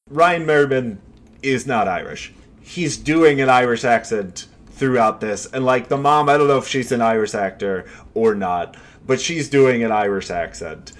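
Rambling man chatting about a movie. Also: mid-range voice. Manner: rambling, thinks aloud with many "like" fillers. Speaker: podcast co-host. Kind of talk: casual movie review chat.

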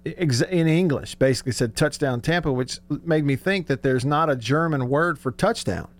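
A man hosting a sports talk radio show, telling stories excitedly and laughing often. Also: on the high side, moderate pace, dry recording.

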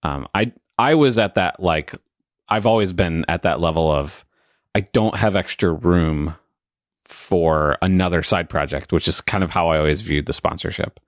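A man's voice: low voice, normal speed, dry recording, studio quality. A man hosting a podcast, thinking aloud in casual chat with hesitant restarts. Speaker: podcast host.

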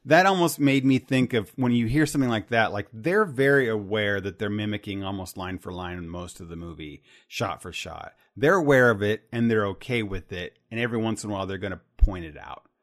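A man co-hosting a casual podcast chat, animated and quick to laugh, with many fillers and restarts. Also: fairly low pitch. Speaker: podcast co-host.

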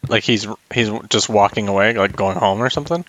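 A man's voice: on the low side, a little fast, a bit bright. A man playing a tabletop game, chatting in a laid-back way and laughing easily. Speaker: player. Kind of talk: casual tabletop game play. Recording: dull lo-fi recording.

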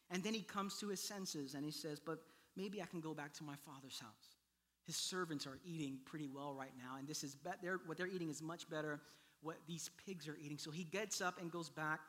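Young pastor type, male, lively preacher with a high, bright voice, pushes hard at the climaxes. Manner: animated preaching, voice rising to near-shouts at peaks. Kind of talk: sermon.

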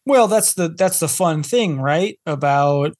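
Quick-talking man with a slightly high voice. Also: expressive, a little mellow. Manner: quick, talkative, speculative. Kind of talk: casual podcast chat.

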